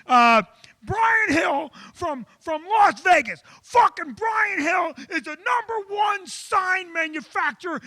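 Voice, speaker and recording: A raging boss barks demands in a high, strained yell, as a male comedian acts him out. The swearing comes fast and bullying, pushed well above a normal speaking voice. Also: full character voice. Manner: yelling, profane, bullying. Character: furious demanding middle-aged male boss.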